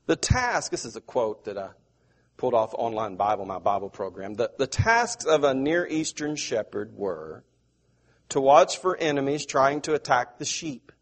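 Very animated in a mid-range voice, this middle-aged Southern American man is delivering a sermon. He speaks slowly and repetitively, asking the audience questions as he goes.

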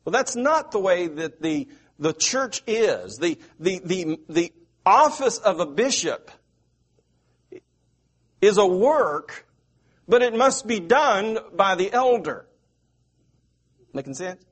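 This middle-aged preacher from the American South has a high-sitting, sing-song voice. His sermon is slow and repetitive, and he keeps asking his listeners questions.

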